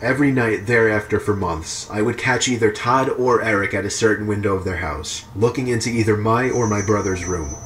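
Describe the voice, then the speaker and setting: A man reading true horror stories aloud in an even, measured narration. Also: fairly low pitch, a little hiss or hum. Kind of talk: scripted narration.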